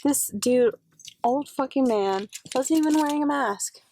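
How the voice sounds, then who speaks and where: Young woman, high-pitched, loose rambling vlog talk full of fillers and swearing, recorded on a phone. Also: unhurried, warm tone, slight background noise, low-quality recording. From Texas. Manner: rambling, lots of "like" fillers, swears freely when annoyed. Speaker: vlogger. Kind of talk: casual vlog chat. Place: in and around her car, partly outdoors. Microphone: phone camera set down nearby.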